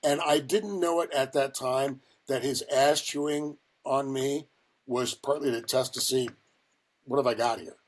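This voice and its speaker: Husky older man telling stories. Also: mid-range voice, fairly even intonation, unhurried. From Ohio. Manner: rambling, profane, many fillers. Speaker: guest. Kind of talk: casual storytelling.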